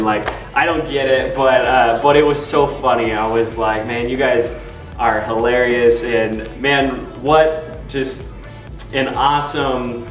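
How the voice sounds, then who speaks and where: A man's voice: mid-range voice, a bit bright. A young adult man, a youth pastor, retelling funny camp moments casually with lots of fillers and laughs. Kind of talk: casual storytelling to camera. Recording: roomy, distant, faint music.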